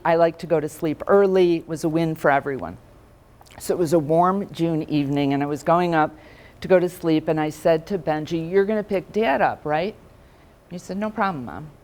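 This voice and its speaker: Lively woman giving a conversational talk. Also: fairly low pitch. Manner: conversational, asks the audience questions. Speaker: speaker for financial advisors. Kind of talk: keynote talk with stories. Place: conference room with audience.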